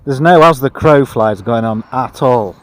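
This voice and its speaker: A tired British vlogger films a casual travel vlog to camera while bikepacking outdoors on a cycling trip. He talks unhurriedly in a dry, self-deprecating, low-energy monotone at a middling pitch.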